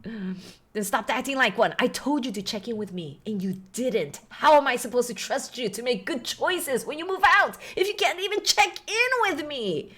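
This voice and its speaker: A woman's voice: mid-range voice, normal speed, a bit bright, breathy edge. A woman reading the lines of a worried, strict father in a game, scolding anxiously. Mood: stern. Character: worried strict single dad.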